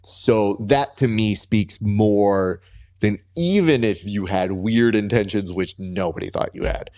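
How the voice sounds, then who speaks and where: A man hosting a grappling podcast, telling stories in a casual, animated way and acting out his own reactions. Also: a little slow. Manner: animated storyteller, jumps high when quoting himself. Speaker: podcast host. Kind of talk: casual interview chat.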